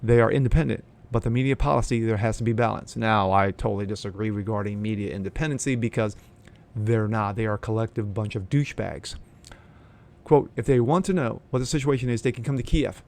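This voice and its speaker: Gravelly, blunt male commentary host. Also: on the low side, brisk, darkish tone. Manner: blunt, profane, sneering. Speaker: host of a political commentary channel. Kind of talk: reading news then ranting opinion commentary.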